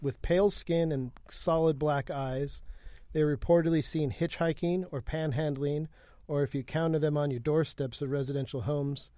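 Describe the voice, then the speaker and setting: A man podcast host reading research notes aloud in a monotone. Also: fairly high pitch, moderate pace, dry recording, clean studio sound. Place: studio.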